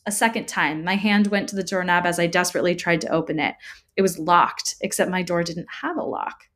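A woman reads a first-person horror story aloud with a tense, dramatic delivery. Her voice sits slightly low for a woman, and she leans hard into the frightening moments. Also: fairly even intonation, a little fast, fairly bright tone.

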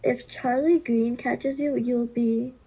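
A woman with a gravelly, husky, mellow voice reads a children's novel aloud. She takes it slowly and deliberately and stumbles now and then. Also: on the high side, fairly even intonation, poor audio. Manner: slow, deliberate reading with occasional stumbles. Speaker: reader.

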